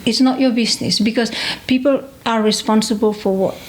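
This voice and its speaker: A woman's voice: a little high, low-quality recording. A woman in casual conversation as interviewer, thoughtful, often stopping to restart her sentences. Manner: reflective, halting with many restarts.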